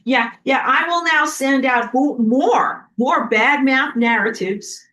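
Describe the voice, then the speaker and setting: A woman's voice: high voice, takes it slowly, sharp tone, slight background noise, pitched above the performer's own voice, heavily acted, low-quality recording. A woman voicing a hostile, scheming sun that taunts and mocks. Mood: gloating. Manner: taunting, mocking.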